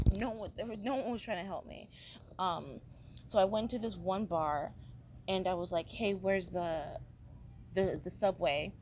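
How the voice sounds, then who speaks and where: Rambling hungover young woman, lowish voice. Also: highs cut off, very noisy. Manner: rambling, filler-heavy, self-scolding. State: tired, hungover. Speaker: vlogger. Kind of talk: casual travel diary vlog. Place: airport waiting area.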